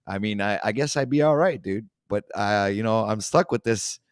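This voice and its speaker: A man's voice: lowish voice, moderate pace, clear, resonant tone, no echo, studio quality. A man with a Canadian accent hosting a casual livestream talk show, rambling with many fillers and restarts.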